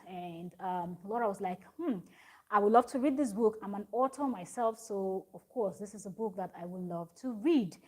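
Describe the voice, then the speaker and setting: A woman talks through a reality show episode in a loose, casual recap. She rambles and restarts often, tosses in "um" and "like", and her voice sits at an ordinary middle pitch for a woman. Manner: rambling, many fillers and restarts, reads viewer comments. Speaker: recap vlogger.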